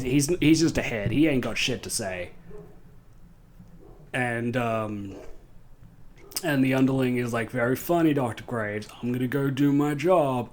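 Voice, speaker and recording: A man talks through a horror movie's plot at an unhurried pace. He rambles, restarts and curses freely. His voice sits at an ordinary, middle pitch. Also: darkish tone. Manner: rambling, profane, laughing asides. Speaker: film recapper. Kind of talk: casual movie recap.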